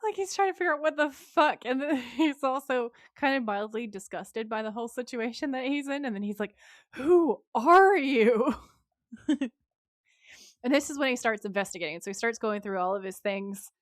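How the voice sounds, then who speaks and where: A woman's voice: quick pace, hardly any pauses, no room sound, studio quality. A woman co-hosting a podcast, recapping an episode in casual chat, laughing often and swearing freely. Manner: drops into a lower voice to act out quoted lines. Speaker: podcast co-host.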